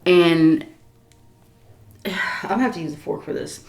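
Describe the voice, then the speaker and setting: A woman in her thirties telling a story in a chatty, animated way, with lots of fillers, while eating on camera. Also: lowish voice, measured pace, long pauses. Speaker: vlogger.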